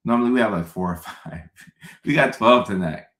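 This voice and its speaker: A man with a lowish voice hosts a live question-and-answer stream as a psychiatrist, reading out viewer comments in a loose, casual way. He tends to repeat a line twice for emphasis. The sound is echoey, as if he is in a bare room. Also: moderate pace, fairly bright tone.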